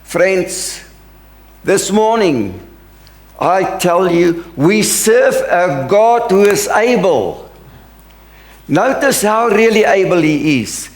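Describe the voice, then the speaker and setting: A man's voice: high-pitched, expressive, drawn-out words, reverberant. A middle-aged man, a pastor, preaching a sermon in an earnest, emphatic way. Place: church sanctuary.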